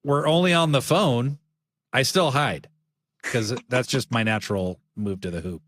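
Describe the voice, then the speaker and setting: A man's voice: medium pitch, unhurried, a bit bright, no echo, studio quality. A man co-hosting a casual podcast, jokey and theatrical, often mock-offended. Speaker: co-host.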